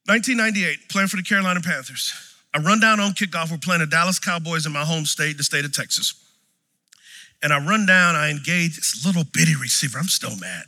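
A man preaching a sermon, telling personal stories in an animated way, swinging from shouts to quiet moments. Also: high-pitched, in a large hall.

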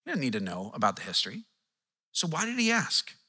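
Guy pastor preaching, bright and kinda raspy, really animated, jumps all over in pitch. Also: fairly quick. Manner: animated, acts out quotes with shifting tone. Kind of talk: sermon.

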